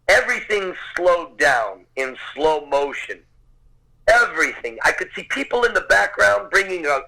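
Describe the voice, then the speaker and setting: Bright, lively male storyteller. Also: a little high, gravelly, rough recording. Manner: vivid storyteller, swears casually. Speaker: podcast guest. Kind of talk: animated anecdote telling.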